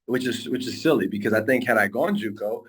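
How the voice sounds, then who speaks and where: A man with a fairly low voice speaks in a relaxed interview, sounding earnest and heartfelt. He rambles and restarts his sentences often as he reflects on coaching young players. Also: fast, a little hiss or hum. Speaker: high school football coach. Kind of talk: casual interview talk.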